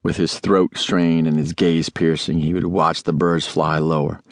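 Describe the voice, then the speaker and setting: A man reading a memoir aloud as an audiobook narrator, in a measured, deliberate way. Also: a bass voice, flat delivery, no echo, clean studio sound.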